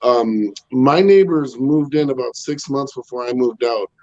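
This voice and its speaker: A man in his thirties with a loud, bassy voice, doing a rambling stand-up set from home with lots of ums and chuckles. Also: measured pace, lo-fi sound. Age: 30s. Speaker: stand-up comedian. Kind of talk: casual stand-up set over video call. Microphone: home video call.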